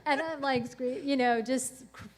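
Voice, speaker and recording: A woman's voice: high voice, fairly even intonation, moderate pace. A woman speaking on a podcast, telling a personal story in a casual, rambling way with lots of "like" and "um". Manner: rambling, full of "like" and "um" fillers.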